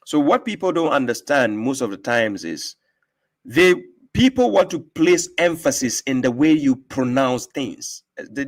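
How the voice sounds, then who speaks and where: A man in middle register who is hosting a live stream and lecturing with emphasis. He drives his points home with rhetorical questions and repetition, pressing his listener to follow along. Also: medium pitch. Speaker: host giving talks on religion. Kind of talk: casual debate on a live stream.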